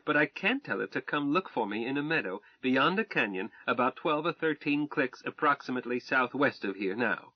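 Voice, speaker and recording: A man's voice: medium pitch, lively intonation, moderate pace, few pauses, no room sound, lightly acted. A man reading a math-minded young wife in an audiobook, earnest and precise as she recites calculations, on a dull, dry recording.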